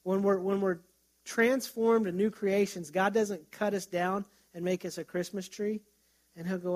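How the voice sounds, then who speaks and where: A man's voice: sits high, a little slow. A middle-aged man, a pastor, preaching in a conversational way and telling stories, with frequent restarts. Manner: conversational, storytelling with self-restarts. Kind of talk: sermon.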